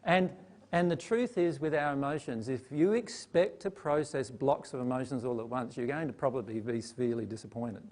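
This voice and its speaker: A man's voice: medium pitch, a little fast, darkish tone. A man leading a live Q&A session, teaching in a conversational way and often checking in with the audience. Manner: conversational, asks the audience questions.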